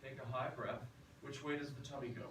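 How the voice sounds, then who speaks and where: A man teaching a singing class in a relaxed, chatty lecture style. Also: mid-range voice, a little fast. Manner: relaxed, chatty, tells anecdotes. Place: classroom or rehearsal hall. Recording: roomy, from far off, noisy.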